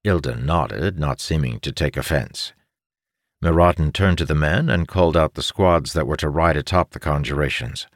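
A man narrating a fantasy audiobook in a measured, expressive storytelling manner. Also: rumbling low, no room sound, studio quality.

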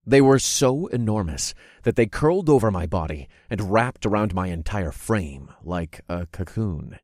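A man narrating a fantasy audiobook in the first person, expressive and acting out his own reactions. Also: on the low side, unhurried, no room sound, clean studio sound. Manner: expressive, groaning and cursing in character.

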